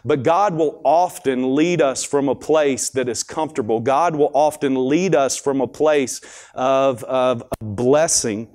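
A man's voice: medium pitch, measured pace, a little mellow. Folksy male preacher telling stories. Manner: folksy, conversational storytelling. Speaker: preacher at a school chapel. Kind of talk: sermon.

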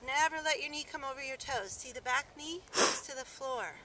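A woman's voice: sits high, brisk, pushed and bright, slight background noise. A woman fitness instructor leading an outdoor workout demonstration, coaching in an upbeat, encouraging way. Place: outdoors in the countryside. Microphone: camera mic held by a cameraman.

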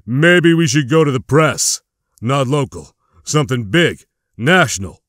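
A man voicing a gruff, burly ex-soldier who talks bluntly in short, plain phrases, recorded close and dry for an audiobook. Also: medium pitch, lively intonation, a little slow, a bit bright, no room sound. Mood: urging.

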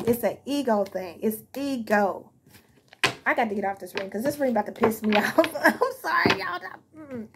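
A woman's voice: fairly high pitch, expressive, normal speed, vocal fry, noisy background. A woman giving a casual tarot card reading to her viewers, blunt and heated, with plenty of swearing. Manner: blunt, profane, heated, speaks straight to viewers. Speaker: tarot reader.

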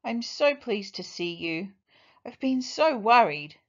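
A woman's voice: on the high side, lively intonation, slow pace, dull audio, voice pushed up. A woman voicing a loving mother elephant, tender and affectionate.

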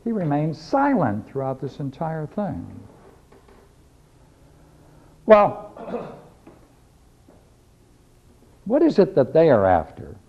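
A man's voice: fairly high pitch, wildly swooping pitch, very slow, vocal fry, pauses often. A man teaching a philosophy class, lecturing emphatically and repeating key phrases as he reads and discusses scripture. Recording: dull lo-fi videotape recording.

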